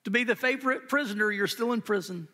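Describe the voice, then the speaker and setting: High bright-voiced preacher in a reverberant sanctuary. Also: male voice, fast. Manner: earnest, emphatic, repeats phrases for weight. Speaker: pastor. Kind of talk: sermon. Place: church sanctuary during a live service. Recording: long church hall reverb.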